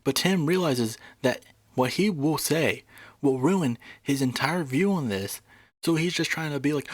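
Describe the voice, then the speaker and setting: A man's voice: a little high, unhurried, no room sound. A man commenting casually on a debate clip, indignant and swearing freely. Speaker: reaction video host.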